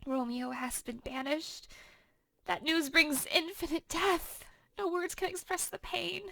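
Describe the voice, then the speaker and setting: A woman's voice: extremely high pitch, fairly even intonation, unhurried, gravelly, fairly bright tone, a little hiss or hum, voice pushed up, full character voice. A woman reading as a passionate, distraught young teenage girl in a dramatic reading for a class. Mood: grieving. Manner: emotional dramatic reading in modern paraphrase.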